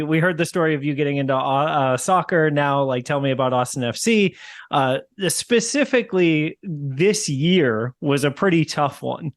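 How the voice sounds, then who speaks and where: A man hosting a podcast, asking casual follow-up questions in an interview. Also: on the high side. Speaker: podcast host.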